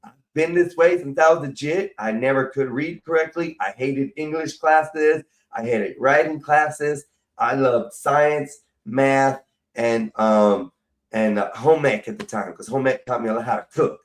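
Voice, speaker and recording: A man's voice: mid-range voice, measured pace, recorded from a distance. Middle-aged man, profane slangy livestream host, loose rambling talk.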